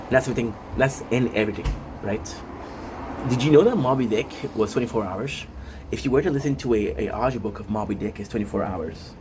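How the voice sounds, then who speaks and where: A man's voice: fairly low pitch, quick pace, background noise. A man streaming live, rambling casually to his chat with lots of fillers and asides.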